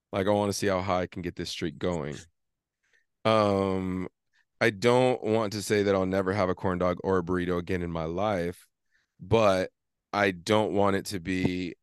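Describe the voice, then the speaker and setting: A man with a low-pitched voice tells a rambling, animated story in casual podcast chat. He swears freely and acts out arguing with himself. The sound is dry and close. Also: clear, resonant tone, no echo. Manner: animated storytelling, swears often, acts out his inner argument. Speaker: podcast co-host.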